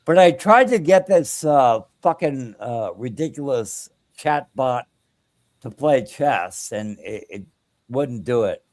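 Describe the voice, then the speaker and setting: A man hosting a casual live stream, blunt and crude and full of opinions. His voice sits at a middling pitch, and he fills his talk with "uh" and "you know". The sound is dry and close, with no room at all. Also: expressive, slow pace, a little mellow, no room sound. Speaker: streamer host.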